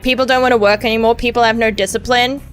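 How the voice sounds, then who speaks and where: A woman reading a grumpy male patrol cop's lines in a fast, curt, complaining way. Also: on the high side, fairly even intonation, fairly bright tone, faint music behind, close to an everyday voice. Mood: grumbling.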